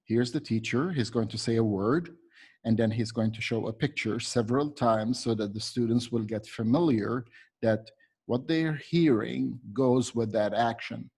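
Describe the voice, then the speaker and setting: A man's voice: medium pitch, moderate pace, a little mellow, breathy edge. A man training teachers, patiently explaining a classroom method step by step and demonstrating words aloud.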